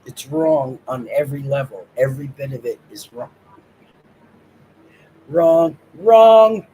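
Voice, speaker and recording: A man's voice: medium pitch, steady tone, brisk, mellow, slightly rough, low-quality recording. A man co-hosting a casual livestream, talking emphatically, repeating himself and restarting his sentences. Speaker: livestream co-host.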